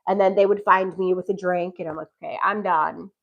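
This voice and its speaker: Animated woman telling a story with laughs. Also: lowish voice, quick pace, muffled recording. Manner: animated, laughs often, acts out quoted lines. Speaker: podcast host telling a dating story. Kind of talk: casual storytelling chat.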